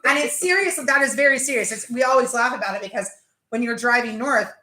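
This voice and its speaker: A woman hosting a casual livestream chat, animated and rambling, often exasperated. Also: a little high, fast. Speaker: livestream host. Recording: echoey room.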